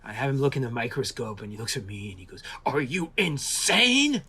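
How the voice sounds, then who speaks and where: A man's voice: on the low side, rapid-fire, slight background noise. A man from France, a visual effects artist, telling stories in a casual interview with many restarts and acted-out quotes. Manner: animated storyteller, acts out quoted voices, many restarts.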